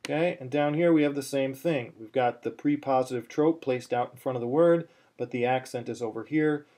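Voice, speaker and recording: A man's voice: mid-range voice, brisk, warm tone. A man teaching a chanting lesson, explaining step by step with many fillers and restarts, now and then breaking into chant. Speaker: cantillation teacher.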